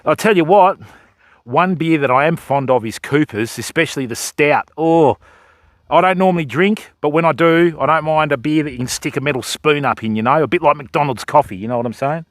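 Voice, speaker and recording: A man's voice: fairly high pitch, fairly quick, fairly bright tone, dry recording. A Western Australian man hosting a fishing livestream outdoors, bantering and joking with his chat. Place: outdoors by a river shore.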